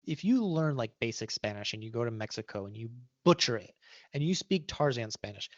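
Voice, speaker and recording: A man's voice: mid-range voice, very animated, fairly quick, no echo, lo-fi sound. A man giving an interview, talking casually with restarts and "right?" tags. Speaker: guest.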